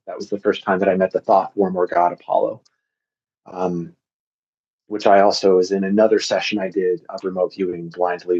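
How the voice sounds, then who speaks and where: A man's voice: low voice, darkish tone, husky, lo-fi sound. A man who is a psychic guest, telling a long personal story in casual podcast conversation, earnest and rambling with frequent ums.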